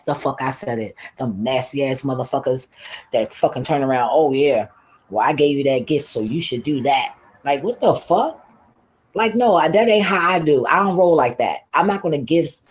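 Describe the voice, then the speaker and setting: Speaking to viewers on his livestream, a man tells a story in a laughing, profane, blunt, casual way. The recording is rough, and his voice is medium in pitch and husky.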